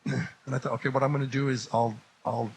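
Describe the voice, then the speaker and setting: A man telling a comic story to an audience, acting out every exchange and rising to shouts as it builds. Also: mid-range voice, fast talker, a little hiss or hum, poor audio. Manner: animated, acts out the dialogue, voice rising to shouts at the climax.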